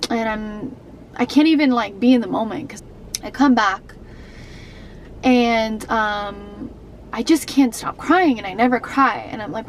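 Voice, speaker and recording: A woman's voice: a little high, a little slow, a little hiss or hum, poor audio. A young adult woman vlogging to camera, telling a personal story in an emotional, rambling way with many fillers and restarts.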